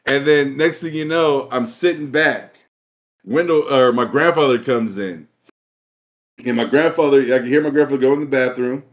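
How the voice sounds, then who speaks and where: A man on a podcast telling a story in casual talk, swearing often and acting out the scenes. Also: on the high side. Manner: profane, animated, acts out scenes. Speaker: podcast co-host.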